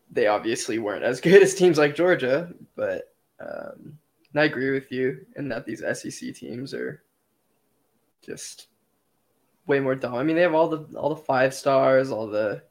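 Male guest with a gravelly voice, laid-back and hesitant in sports chat. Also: mid-range voice. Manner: hesitant, many fillers and restarts. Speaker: podcast guest.

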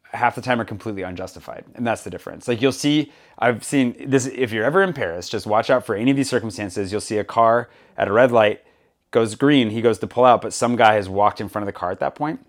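A man hosting a casual podcast chat, an animated storyteller who acts out the people he quotes. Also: lowish voice, fast. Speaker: podcast host. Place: Paris.

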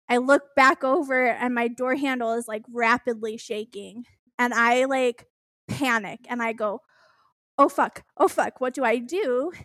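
A young woman telling a personal story in casual chat, animated and laughing, swearing as she goes. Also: fairly high pitch, no room sound, clean studio sound.

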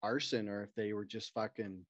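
A podcast co-host with a lowish voice talks at a moderate pace in a steady tone, trading casual banter and telling crude, joking stories in which he puts on voices. The sound is dry and dull, lo-fi, with no room sound.

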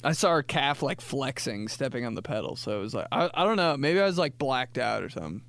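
A man's voice: medium pitch, very animated, a little fast, fairly bright tone. A man in his late twenties riffing casually in a comedic monologue, rambling with lots of filler words and restarts. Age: late 20s. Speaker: podcast host.

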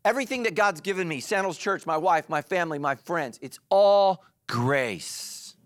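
A middle-aged man preaching a sermon in church, animated and joking, breaking into quick quoted voices. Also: high voice, no room sound. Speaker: pastor. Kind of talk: energetic sermon.

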